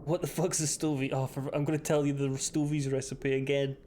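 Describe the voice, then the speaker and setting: A man's voice: mid-range voice, level tone, brisk, a little mellow, slight background noise. A man streaming a game, swearing freely and joking back and forth with his chat. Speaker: livestreamer. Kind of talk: casual gaming stream chat.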